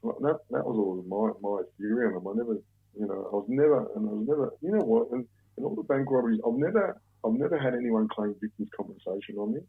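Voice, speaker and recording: A relaxed Australian man tells long stories in a casual interview, swearing freely and circling back on himself. His voice is low, gravelly and husky. It comes through a narrow, phone-like channel. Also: fast talker. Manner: relaxed, profane, rambling storyteller. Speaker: guest, former bank robber.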